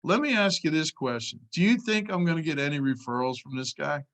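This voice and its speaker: A man's voice: fairly high pitch, animated, a little fast, fairly bright tone. A man training insurance agents, telling a client story in a casual way and often checking in with "all right.".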